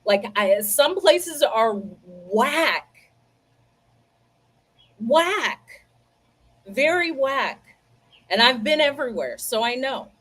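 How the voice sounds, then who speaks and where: A woman hosts a livestream and chats with her viewers in a casual, lively storytelling way. Her voice sits a little higher than most women's. She takes her time, talking at an unhurried pace. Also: breathy edge. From United States. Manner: chatty, animated storytelling, talks to viewers directly. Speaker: livestream host. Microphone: computer mic, livestream.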